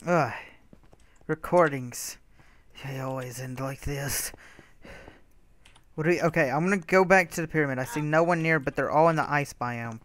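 A man's voice: fairly high pitch, moderate pace, long pauses, fairly bright tone, no echo. A young man chatting casually while gaming, mostly mumbly and wry, with sudden laughing outbursts. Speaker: gamer. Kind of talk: casual gameplay chat.

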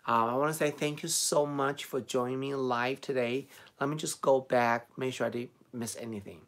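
A man's voice: mid-range voice, steady tone, moderate pace, fairly bright tone. A middle-aged man with a Chinese accent, chatting casually on a live stream, reading out and answering viewer comments and laughing often. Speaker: beauty vlogger answering live chat.

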